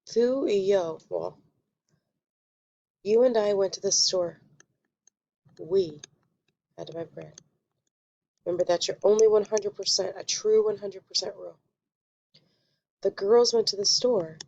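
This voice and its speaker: A woman teaching a Spanish lesson, explaining step by step in a patient way and quickly correcting her own slips. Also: mid-range voice, creaky, darkish tone, lo-fi sound. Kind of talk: recorded classroom lesson.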